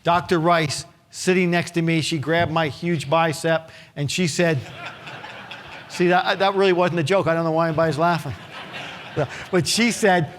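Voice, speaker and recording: A man's voice: on the high side, fairly even intonation, moderate pace, a bit bright, a little hiss or hum. A middle-aged man giving a keynote speech, telling a vivid story with acted-out quotes and wry asides. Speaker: keynote speaker. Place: conference hall with a live audience.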